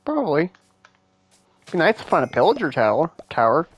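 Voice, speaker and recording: An adult gamer in an easygoing voice-chat, mid-pitched and unhurried. Tells little anecdotes and laughs along between game remarks. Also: slight background noise. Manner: relaxed, laughs at own stories. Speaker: gamer co-player. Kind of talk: casual gaming chat.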